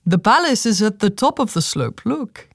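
A woman voicing a kindly, well-dressed man who speaks with gentle amusement in a storybook. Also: mid-range voice, sing-song, normal speed, no room sound, clean studio sound. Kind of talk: storybook reading.

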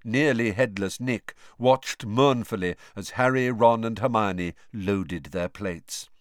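A man narrating an audiobook in an expressive storytelling manner. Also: lowish voice, slow pace, no room sound, studio quality. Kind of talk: scripted narration.

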